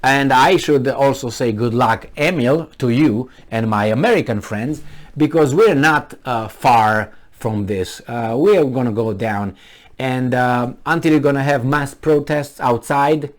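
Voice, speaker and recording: A man's voice: mid-range voice, measured pace. A man giving sarcastic, mocking commentary on the news, reading it out and talking back with emphatic asides. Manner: talks back to the news, with scattered laughs and asides. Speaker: video commentator.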